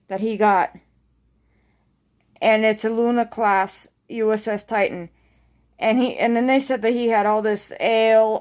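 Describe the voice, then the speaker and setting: A woman with a slightly high voice talks through a TV episode in a loose, casual recap. She rambles and swears freely, piling one scene onto the next with open excitement. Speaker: TV episode reviewer.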